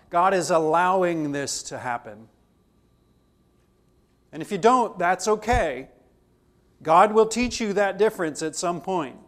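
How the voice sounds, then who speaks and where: A man teaching a theology class, his voice a little higher than most men's. He talks conversationally and slips into the voices of people in the stories he tells. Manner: conversational, acts out dialogue in anecdotes. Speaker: theology lecturer.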